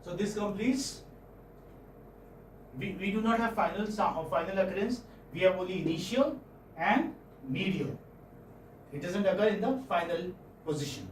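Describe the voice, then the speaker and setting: A male professor with an Indian English accent explains sounds to his class, pausing to check they follow. His voice sits fairly high. It comes from across an echoey room, with faint background hum. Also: animated, far from the mic. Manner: explanatory, checks in with students often. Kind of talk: classroom phonetics lecture.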